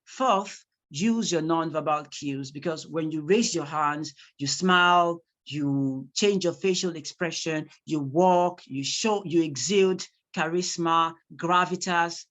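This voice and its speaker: A public speaking teacher giving an online class over a video call, acting out examples with lively emphasis. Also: medium pitch, slow, few pauses. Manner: animated, acts out examples.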